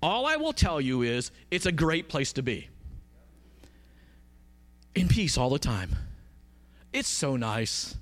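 A man's voice: fairly high pitch, sing-song, slow, pauses often, fairly bright tone. A man preaching a conversational sermon, emphatic and often asking his listeners questions.

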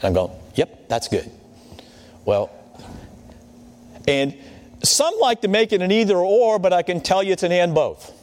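A man's voice: sits high, very animated, normal speed, long pauses, a little mellow. Conversational preacher man in a reverberant hall. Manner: conversational, checks in with "Okay?". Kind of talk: sermon.

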